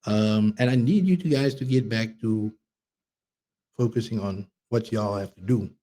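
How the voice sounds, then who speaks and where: A man's voice: on the low side, a little slow, warm tone. A man, talking in a rambling, profane casual monologue full of restarts. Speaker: vlogger.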